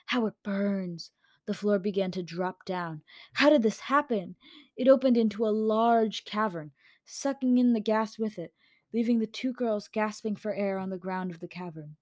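A woman reads a story aloud at an even middle pitch, casual and now and then stumbling on a word. The home microphone gives a close, dry sound with no room echo. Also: normal speed. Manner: casual, with slips and corrections. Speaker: story reader. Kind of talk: reading her own story aloud.

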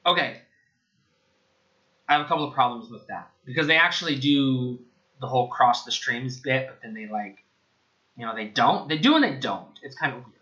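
A man's voice: mid-range voice, animated, normal speed, pauses often, bright, forceful tone, dull audio. A man giving a casual spoken film review, sarcastic and profane, rambling as he goes.

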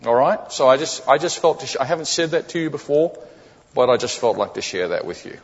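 A man with a husky voice preaches to a congregation, chatting with them and checking that they are following along. The sound carries a long reverb from the church hall. The recording is dull and lo-fi. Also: mid-range voice, expressive, fairly quick. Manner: conversational, often checking in with the congregation; repeats key phrases for emphasis. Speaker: guest preacher. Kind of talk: sermon. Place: church sanctuary.

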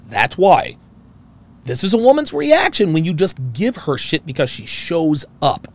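A man hosts a reaction show in a high, gravelly voice. His pitch swings widely as he rants. He swears freely and keeps repeating his points for emphasis. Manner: profane, emphatic, repeats phrases. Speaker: host. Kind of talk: reaction commentary rant.

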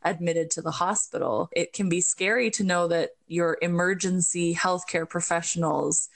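Woman host, doula, thoughtful and rambling, lowish voice. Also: steady tone, moderate pace, creaky. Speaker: podcast host, birth doula. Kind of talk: casual conversation.

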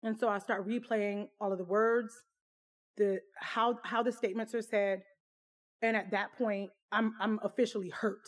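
A woman's voice: mid-range voice, fairly even intonation, normal speed. Woman telling a personal story, candid. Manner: candid, conversational, full of fillers.

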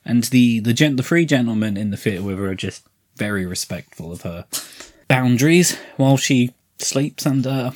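A husky-voiced man trades sarcastic jokes about a film as a podcast co-host. His pitch swings widely, mock outrage rising and falling, and he drops into silly quoted voices. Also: expressive, normal speed. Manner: sarcastic, breaks into mock French-accented quotes. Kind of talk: casual comedic chat.

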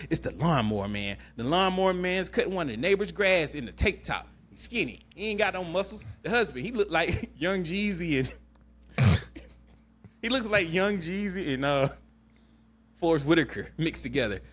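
A man hosting a podcast, recapping a movie in animated, laughing, profane storytelling. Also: on the high side, moderate pace. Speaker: podcast host. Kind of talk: casual chat, movie recap.

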